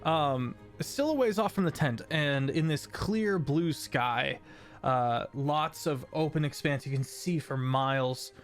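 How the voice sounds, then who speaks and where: Slow-talking male game master, slightly high voice, hesitant delivery. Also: soft background music. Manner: unhurried, hesitant with many fillers. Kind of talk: narrating a tabletop game.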